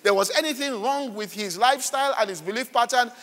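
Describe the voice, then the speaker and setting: A man, a pastor preaching a sermon in an animated way and checking often that listeners follow him, heard with a long hall reverb. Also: very high-pitched, fast. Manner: animated, repeats "all right" and "are you following".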